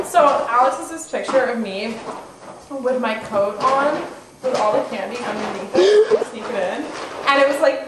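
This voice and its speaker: A young woman telling stories in casual chat with friends at home, animated and profane, full of fillers. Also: high voice, recorded from a distance. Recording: roomy, noisy home recording.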